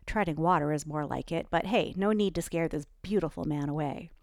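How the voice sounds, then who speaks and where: A woman reads her own novel aloud with lively, expressive narration. Her voice is low and gravelly, recorded close and dry with no room sound. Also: brisk, no room sound.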